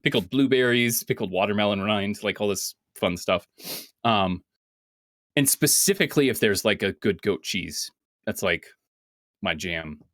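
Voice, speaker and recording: A man co-hosting a casual chat show, rambling and animated, swearing freely as he jumps between topics. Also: fairly low pitch, a little slow, no echo, clean studio sound. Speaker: podcast co-host.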